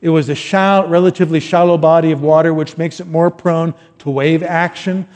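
A middle-aged male pastor preaches with a raised, mellow voice. His talk is loose and chatty, full of asides, and now and then he rises to loud emphatic lines. The sound rings with a long hall reverb. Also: fairly high pitch, fairly even intonation, normal speed. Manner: conversational, rambling asides, rising to loud emphatic quotes. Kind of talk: sermon.

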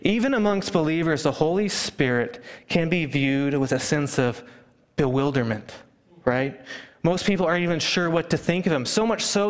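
A man preaching a sermon, telling stories and acting out hushed family chatter. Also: on the high side. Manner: animated storyteller, acts out hushing relatives. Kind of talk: sermon with storytelling. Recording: long hall reverb.

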